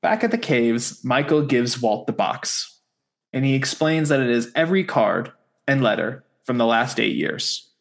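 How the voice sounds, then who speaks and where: A man's voice: mid-range voice, very animated, measured pace, gravelly. A man co-hosting a podcast, recapping a TV episode in casual chat with sarcastic asides. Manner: wry, sarcastic asides while summarizing.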